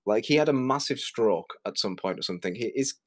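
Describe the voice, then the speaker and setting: A man hosting a commentary video, ranting sarcastically with lots of swearing and sudden jumps in pitch. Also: animated, a little fast. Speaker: commentary host.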